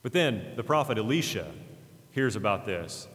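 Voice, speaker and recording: A man with a fairly low voice gives a sermon, talking earnestly and casually as he retells a scripture story. His words ring out with a long hall reverb, the sound of a church. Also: animated, normal speed, fairly bright tone. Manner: conversational, earnest, with frequent fillers and restarts. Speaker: pastor.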